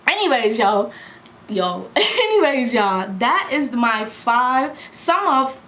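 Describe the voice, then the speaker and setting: A young woman vlogger telling a storytime in a casual, slangy, animated way, acting out what people said. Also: fairly high pitch, slow. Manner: animated, slangy, acts out quotes loudly. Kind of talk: storytime vlog. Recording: echoey room with faint background hum.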